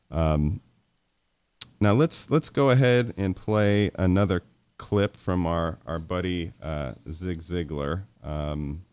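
A man hosting a casual motivational talk in a relaxed coaching tone, with many fillers. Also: low voice, dry recording. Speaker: host.

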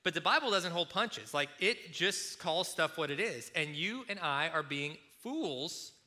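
Bright-voiced male preacher telling a story. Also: a little high, a little slow. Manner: storytelling, animated, acts out quotes. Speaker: pastor. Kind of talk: sermon.

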